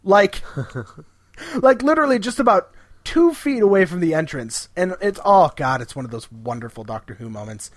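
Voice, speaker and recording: A podcast co-host casually recapping an episode, animatedly retelling scenes and quoting characters in quick voices. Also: mid-range voice, expressive, dry recording, clean studio sound.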